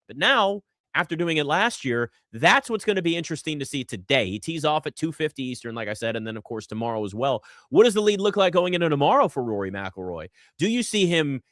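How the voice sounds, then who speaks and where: Animated male sports talk host. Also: fairly high pitch, dry recording, clean studio sound. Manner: animated, conversational, addresses chat and co-worker. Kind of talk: solo sports talk commentary.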